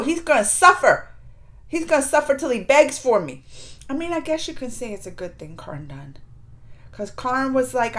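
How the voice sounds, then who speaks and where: A woman hosting a reaction video, retelling a TV episode in a casual, emotional way and quoting the characters. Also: high-pitched. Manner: emotional, animated retelling with quoted voices.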